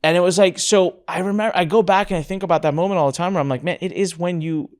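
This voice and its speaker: Animated male podcast host telling a story. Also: high-pitched, very fast, clear, resonant tone. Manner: animated storyteller who acts out quoted dialogue. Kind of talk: personal storytelling in a podcast conversation.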